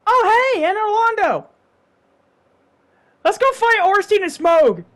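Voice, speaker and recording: A woman's voice: very high-pitched, very animated, takes it slowly, a bit bright, a little hiss or hum. A woman narrating her own gameplay footage in casual commentary, exasperated, self-mocking and swearing freely. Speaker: gaming YouTuber.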